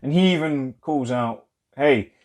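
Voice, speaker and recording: A young man co-hosting a casual film podcast, talking loosely and excitedly with lots of "like", swearing and laughing. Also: medium pitch, normal speed. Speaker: podcast co-host.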